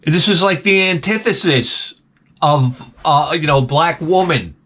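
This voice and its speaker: A man's voice: on the high side, a little slow, fairly bright tone, a little hiss or hum. Rambling, profane comedic man. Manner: profane, joking, rambling tangents. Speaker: gaming channel host.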